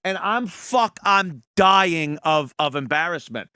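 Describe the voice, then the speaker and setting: A man's voice: fairly high pitch, animated, slow pace, sharp tone, clean tone, dry recording, studio quality. A man hosting a talk show, laughing a lot and swearing freely in casual chat. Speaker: podcast host.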